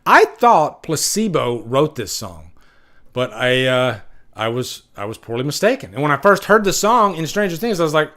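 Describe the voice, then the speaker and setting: Lively, laid-back male streamer. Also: a little high, normal speed. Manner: rambling, laid-back, swears casually. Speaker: livestream host. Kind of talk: casual livestream chat.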